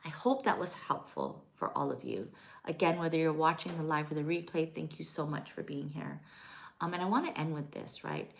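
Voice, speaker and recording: A middle-aged widow coaches grieving listeners on a live stream, gentle and reassuring, often checking in with "right?". Her gravelly voice sits low at a moderate pace, with a little hiss or hum in the recording.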